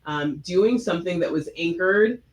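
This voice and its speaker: A woman's voice: fairly low pitch, expressive, moderate pace, echoey room, poor audio. A woman from Florida, a talk show guest, speaking earnestly and reflectively with frequent hesitations. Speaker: guest, attorney.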